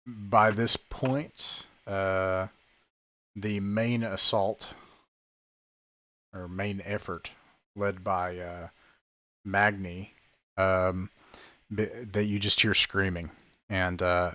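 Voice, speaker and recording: A man narrating a tabletop game as game master, describing scenes in a halting way full of fillers over an online call. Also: low voice, little pitch movement, sharp tone, no room sound. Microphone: online call microphone.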